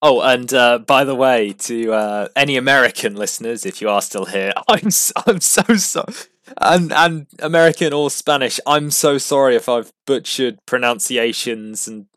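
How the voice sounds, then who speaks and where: A mid-pitched man closes out his podcast in a loose, rambling chat, laughing at himself and stumbling over restarts. His voice sits close and dry, with no room around it. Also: normal speed, fairly bright tone, no room sound. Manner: rambling, self-deprecating, chuckling. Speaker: podcast host. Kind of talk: casual podcast sign-off.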